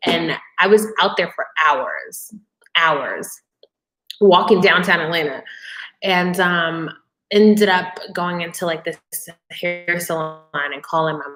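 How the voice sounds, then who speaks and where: A woman's voice: fairly low pitch, a bit bright, echoey room. A woman hosting a casual live-stream Q&A, answering viewer questions with candid, emotional personal storytelling. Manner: conversational, with frequent fillers and restarts.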